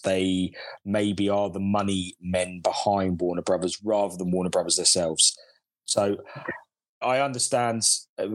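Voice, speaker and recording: A man with a low voice sets the record straight in a calm, careful way. His speech is precise and measured. The mic sound is dry. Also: no room sound. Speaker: podcast co-host. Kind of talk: casual football chat.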